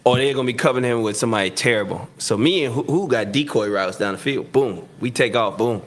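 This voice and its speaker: A man, a guest telling a lively sports story in casual chat, laughing often and acting out what people said. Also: mid-range voice, quick pace. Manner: animated, acts out quotes, laughs often. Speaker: guest, former NFL receiver.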